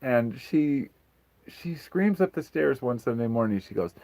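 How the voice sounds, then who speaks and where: A man's voice: mid-range voice, lively intonation, moderate pace, darkish tone, no echo, poor audio. A man hosting a casual livestream Q&A, talking frankly and rambling, swearing freely. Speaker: livestream host.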